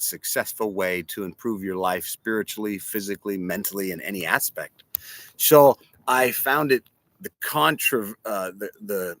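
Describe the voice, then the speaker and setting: A man from a church giving an animated motivational talk and telling stories, speaking from a boat. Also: lowish voice. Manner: animated, storytelling, direct questions to listeners. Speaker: church leader.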